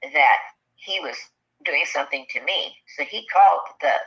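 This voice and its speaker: A woman telling a personal encounter story in a halting, earnest way, full of fillers, on a dull lo-fi recording. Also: low-pitched, animated, fairly bright tone. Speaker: eyewitness sharing an encounter.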